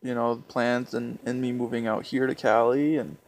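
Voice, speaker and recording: Young adult male vlogger, gravelly tone, hesitant and tender delivery, faint background noise. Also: medium pitch, flat delivery. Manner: halting, hesitant, with many restarts. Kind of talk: personal reflective storytelling.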